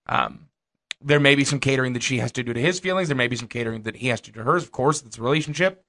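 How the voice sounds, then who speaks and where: A man's voice: medium pitch, rapid-fire, bright, forceful tone. A man co-hosting a casual podcast, giving advice thoughtfully and joking about himself. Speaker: podcast co-host.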